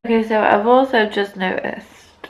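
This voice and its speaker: A vlogger in her twenties chats casually to camera indoors at home, with a mid-range voice and an unhurried pace. The audio is dull, and her talk rambles in a self-mocking way.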